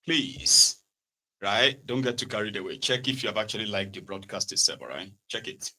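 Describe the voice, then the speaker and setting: A man's voice: fairly low pitch, lively intonation, normal speed, bright, forceful tone, rough recording. A man hosting an online political broadcast, talking to viewers in a chatty, sardonic way. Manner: chatty, sardonic, asks viewers to check things. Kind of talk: casual political commentary.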